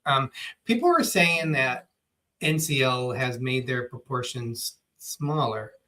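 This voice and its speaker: Man, co-host, casual live chat, halting, lots of fillers, mid-pitched voice. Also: animated, sharp tone. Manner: loose and halting, many fillers.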